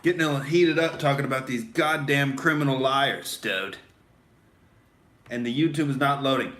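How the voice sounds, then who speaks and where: This is a satirical bro rant in character: a young adult male comedian on a podcast, swaggering, cursing, fired up over beer, and addressing everyone as "dude". His medium-pitched voice moves at normal speed with a bit of brightness, and there's a little hiss or hum.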